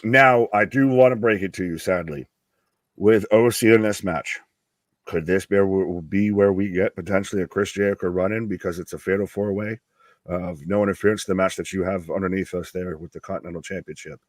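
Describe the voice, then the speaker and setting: A man's voice: low voice, fairly even intonation, fairly quick, no room sound. A man co-hosting a live wrestling watch-along stream, calling matches bluntly and swearing casually.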